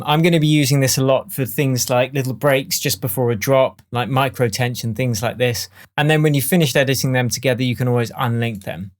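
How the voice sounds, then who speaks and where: Man explaining music software. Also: medium pitch. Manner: relaxed, chatty explaining with fillers. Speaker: music production tutor. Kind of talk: screen-recorded software tutorial. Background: faint demo music playing.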